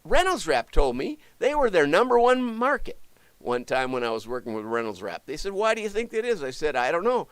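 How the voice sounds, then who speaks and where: A middle-aged man from the US hosts a casual livestream, chatting in a fairly high voice that swings up and down a lot. He jokes and breaks off into asides, and the close mic sounds dry. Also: big pitch swings, fairly quick, clear, resonant tone, dry recording. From United States. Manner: chatty and jokey, self-interrupting asides. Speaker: livestream show host.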